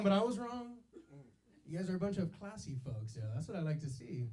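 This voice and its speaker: A young man doing a stand-up set on a club stage, talking into a handheld mic. His voice sits high and bounces all over the place. He keeps it loose and slangy, dropping yo and baby between lines. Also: sing-song, brisk, warm tone. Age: 20s. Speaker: stand-up comedian.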